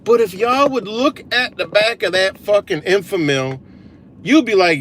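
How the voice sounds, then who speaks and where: A man's voice: high voice, measured pace, slight background noise. A man hosting a casual livestream, ranting with lots of profanity and answering viewer comments. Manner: profane, animated, talks back to comments. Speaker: livestream host.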